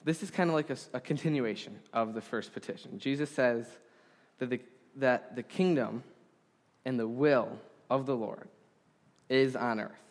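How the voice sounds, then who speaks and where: A man preaching a sermon to a congregation, earnest and deliberate, with emphatic pauses. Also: medium pitch. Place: congregation hall. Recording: long hall reverb.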